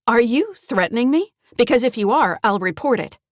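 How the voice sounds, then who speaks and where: A woman's voice: on the high side, lively intonation, normal speed, no room sound, clean studio sound, pitched above the performer's own voice, natural voice. Woman doing a stern border guard. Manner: firm, clipped warnings. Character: stern female border guard, firm and unbending.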